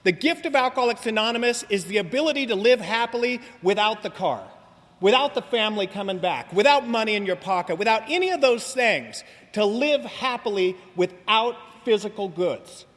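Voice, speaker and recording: A man in his forties with a high voice tells his recovery story to a meeting crowd, joking and rambling. He keeps asking "you know what I mean?" His voice rings with a long hall echo. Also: lively intonation, brisk, fairly bright tone. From Southern California. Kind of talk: humorous recovery talk to an audience. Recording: live talk with long hall reverb.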